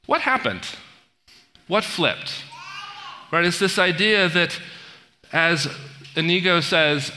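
A man's voice: on the high side, slow pace, pauses often, bright, forceful tone, a little hiss or hum. A man preaching a conversational sermon, telling a story with asides and questions to the congregation. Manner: storytelling, retells film scenes with asides and audience questions. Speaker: pastor. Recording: long hall reverb.

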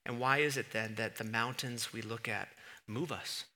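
Bright-voiced animated male preacher. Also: mid-range voice, moderate pace. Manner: animated, acts out God's voice with sudden loud jumps. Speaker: pastor. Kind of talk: sermon. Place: church.

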